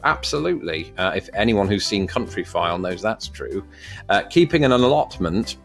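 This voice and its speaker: A man's voice: low voice, expressive, normal speed, faint music behind. A man reading quiz questions aloud and answering them, with wry jokes in between. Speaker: vlogger. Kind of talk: casual commentary while taking an online quiz.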